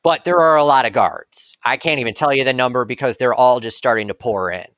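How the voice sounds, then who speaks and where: A man's voice: medium pitch, fairly quick, fairly bright tone, dry recording, clean studio sound. A man acting as game master for a tabletop game, explaining rules in a casual, laid-back way.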